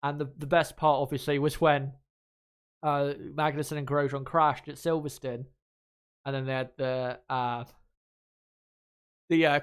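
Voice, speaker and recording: A man's voice: fairly high pitch, clean tone. A young man, hosting a casual live commentary, rambling frankly and swearing now and then. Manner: rambling, frank, swears freely, laughs easily. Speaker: channel host.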